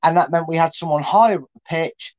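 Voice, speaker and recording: A man's voice: fairly high pitch, fast talker, darkish tone, dull audio. A man co-hosting a casual football chat, breaking down tactics in a chatty way. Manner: chatty, lots of fillers and restarts while explaining. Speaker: co-host, tactics analyst.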